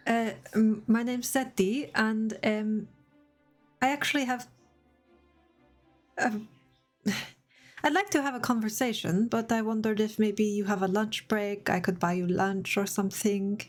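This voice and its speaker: A woman's voice: mid-range voice, fairly even intonation, measured pace, long pauses, faint music behind, natural voice. A woman playing a polite, tentative adventurer. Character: earnest young woman adventurer seeking her brother.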